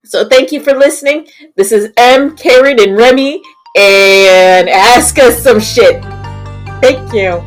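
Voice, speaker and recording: A woman co-hosts a casual podcast, joking through the show's sign-off. Her voice sits a little high. She talks in a playful, offhand way. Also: poor audio. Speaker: podcast co-host. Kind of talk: casual chat.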